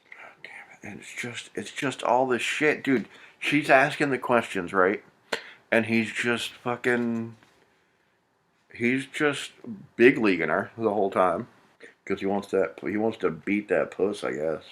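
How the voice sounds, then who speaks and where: A man's voice: lowish voice, a little slow, fairly bright tone. A man reading a novel aloud for comedy, breaking off into profane, exasperated, mocking commentary. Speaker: comedic reader.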